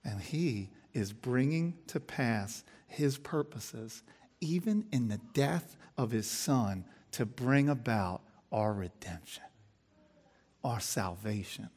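A man's voice: mid-range voice, animated, takes it slowly, a little mellow. Earnest pastor man preaching. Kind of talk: sermon with story reading.

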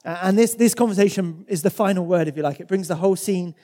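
A man's voice: sits high, fast talker, mellow. A man preaching a sermon in a conversational way, often repeating words as he goes. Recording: long hall reverb.

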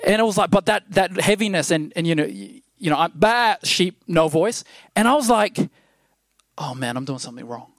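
A man's voice: high voice, normal speed, no echo, clean studio sound. A man in his thirties preaching a sermon, rambling and self-deprecating with many restarts, growing emphatic toward the end.

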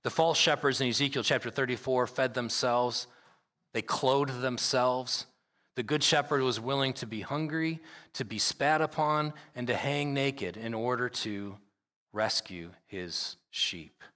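A male pastor delivers an emphatic sermon in a clear, ringing voice. He reads scripture at length and hammers key phrases by saying them twice. The sound lingers with a long reverb in a large church sanctuary. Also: mid-range voice, a little slow, bright, forceful tone. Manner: emphatic preaching with repeated phrases.

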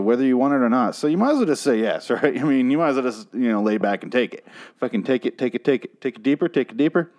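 A man's voice: mid-range voice, darkish tone. A man hosting his own episode review show, ranting with profanity and sarcasm about how bad the episode was.

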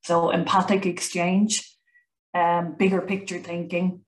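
A woman's voice: fairly low pitch, flat delivery, measured pace, echoey room, rough recording. A woman, a college founder chatting as an interview guest, talkative with many fillers and restarts. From Ireland. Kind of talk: conversational interview.

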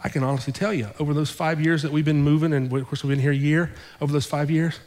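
A male pastor telling a story in his sermon, conversational and animated, repeating his phrases for effect. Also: a little high, quick pace, big-room sound. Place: church sanctuary.

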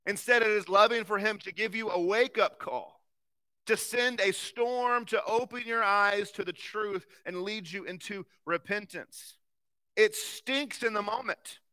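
A man in his thirties, a pastor preaching a sermon with earnest conviction, swinging between forceful emphasis and very soft, quiet passages. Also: sits high, a little slow, clear, resonant tone.

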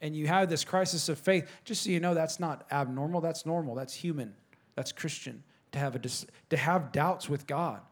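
A man preaches a casual, conversational sermon as pastor, joking and talking straight to his congregation. His voice sits a little high for a man. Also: normal speed.

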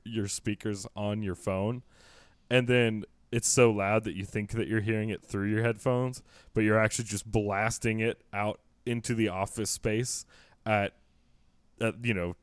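A man's voice: lowish voice, smooth, dry recording. Dry, wry-voiced male podcast host. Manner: wry, mock-serious riffing. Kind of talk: casual comedic chat.

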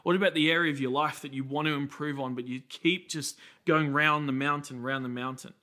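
Here a man from Australia, in his thirties, preaches as a pastor, weaving stories together with quick asides in an easy, talky manner. His voice is a little high and steady in tone, sounding pushed and bright.

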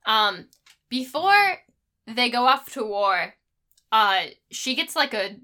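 A woman's voice: on the high side, very animated, takes it slowly, sharp tone. A woman in a casual film discussion, criticizing a movie with sarcasm and frequent fillers. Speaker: podcast co-host.

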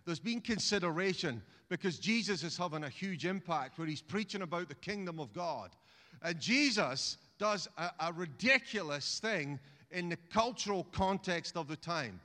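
A man's voice: high voice, expressive, normal speed, bright, forceful tone, long reverb tail. A man preaching a sermon in a chatty, humorous way, often restarting phrases and calling on the congregation to repeat words. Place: church.

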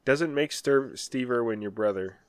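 A man's voice: medium pitch, normal speed, clear, resonant tone. A man co-hosting a podcast, reading out news headlines and joking about them. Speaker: podcast co-host. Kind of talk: casual comedic banter.

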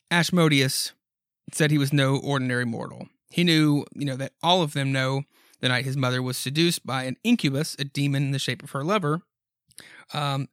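In a studio-quality recording free of room sound, a man with a medium-pitched, fairly bright voice hosts a podcast. He gives a rambling, casual retelling of a horror comic, peppered with ums and asides.

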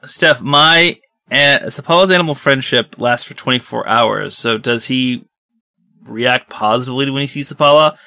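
Bright-voiced man at a game table. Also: medium pitch, normal speed, vocal fry. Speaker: player.

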